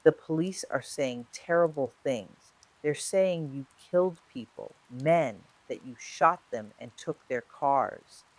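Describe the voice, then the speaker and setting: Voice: mid-range voice, expressive, slow, no room sound, rough recording. A narrator reading the lines of a frightened young woman who anxiously presses for a confession in a true-crime story.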